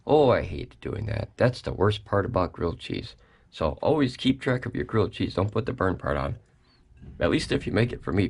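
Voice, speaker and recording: A man hosting a casual product review vlog, chatty and folksy, talking straight to his viewers from a home kitchen. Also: low voice.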